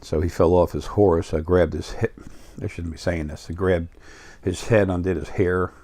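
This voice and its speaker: Low-voiced New York man rambling. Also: fairly even intonation, normal speed, dark tone, no room sound. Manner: meandering, many fillers and restarts. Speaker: spiritual video host. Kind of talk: rambling casual monologue.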